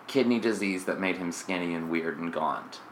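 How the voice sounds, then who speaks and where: A woman co-hosting a podcast, telling funny stories in casual chat with deadpan asides. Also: very deep voice, normal speed. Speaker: podcast co-host. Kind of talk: casual chat, comic storytelling. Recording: roomy echo, faint background hum.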